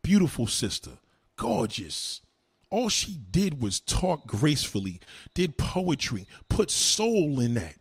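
Husky man in a lively, shouting rant. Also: slow. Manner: loud insulting outbursts, swinging between low mutters and high shouts. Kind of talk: heated profane rant to camera.

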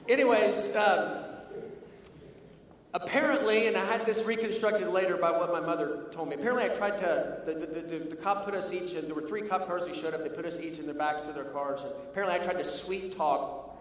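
A man preaching a sermon, telling a personal story and slowing down for earnest emphasis. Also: high voice. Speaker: pastor. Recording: echoey hall from far off.

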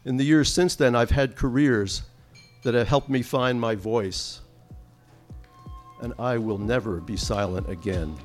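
A man's voice: medium pitch, a little slow, faint music behind. A middle-aged man from Massachusetts telling a reflective personal story live. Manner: reflective, heartfelt.

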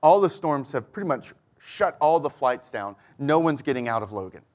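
A man's voice: mid-range voice, animated, moderate pace, a little mellow. A middle-aged man preaching a sermon, telling a personal story and acting out both sides of each conversation. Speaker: pastor.

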